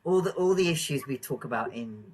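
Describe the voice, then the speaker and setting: A man co-hosting a podcast in casual chat, rambling with fillers and quick to laugh. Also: medium pitch, animated, darkish tone, breathy edge, poor audio. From England. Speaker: podcast co-host.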